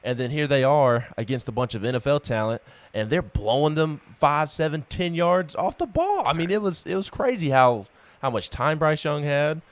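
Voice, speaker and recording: A man's voice: a little high, lively intonation, moderate pace, hardly any pauses, no echo. A man co-hosting a casual sports talk show, stuttering on word starts as he works up his opinions.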